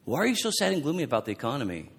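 A male pastor giving a fervent sermon, preaching loudly at close to a yell. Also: medium pitch, wildly swooping pitch, rapid-fire, gravelly, husky. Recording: long hall reverb.

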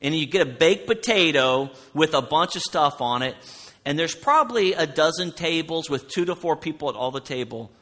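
A man preaching a sermon, loud and animated, telling stories from the pulpit. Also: a little high, moderate pace. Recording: long hall reverb.

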